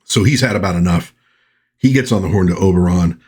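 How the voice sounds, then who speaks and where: Husky man chatting about comics. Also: deep voice, a little fast, a little mellow. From United States. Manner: chatty, wry asides, loose and rambling. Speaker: comic book reviewer. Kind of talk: casual comic book review.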